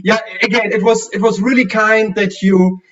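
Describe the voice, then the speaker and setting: A German-accented man with a fairly high voice, talking casually over a video call. He comes through distant and dull, like lo-fi audio from across the room, and he often restarts his sentences with many fillers. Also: fairly even intonation, normal speed, a bit bright. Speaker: guest streamer.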